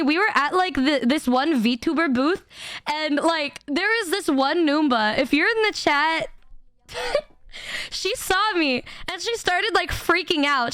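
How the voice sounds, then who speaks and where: A young woman with a very high, girlish voice chats to her stream audience in quick, animated bursts. She laughs and curses casually as she talks. The sound is dry and close, with no room around it. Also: dry recording. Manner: animated, laughing, swearing casually, many restarts. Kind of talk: casual storytelling to chat.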